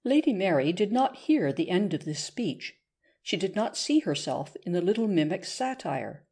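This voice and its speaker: A woman narrating a classic novel as an audiobook reader, in a measured storytelling manner. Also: lowish voice, sing-song, dark tone, slightly rough. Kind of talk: scripted narration.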